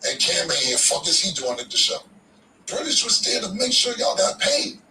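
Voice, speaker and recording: Laid-back man telling a story, bright tone. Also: high-pitched, sing-song, moderate pace, roomy sound, distant mic, slight background noise, poor audio. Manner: laid-back, slangy, profane, repeats himself. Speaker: podcast guest telling a story. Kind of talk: casual storytelling.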